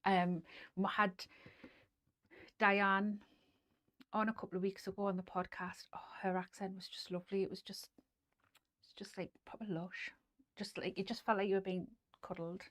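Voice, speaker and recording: A woman's voice: mid-range voice, little pitch movement, moderate pace, long pauses, a bit bright. A woman with a Geordie accent hosting a casual sewing live stream, chatting through viewer comments with lots of fillers and restarts and dropping to near-whispers at times. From North East England.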